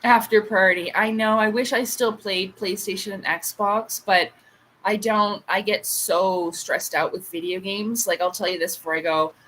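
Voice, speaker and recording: A woman's voice: medium pitch, steady tone, unhurried, a bit bright, slight background noise, rough recording. A woman in her late thirties hosting a casual livestream chat, a rambling storyteller with frequent asides. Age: late 30s. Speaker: livestream host.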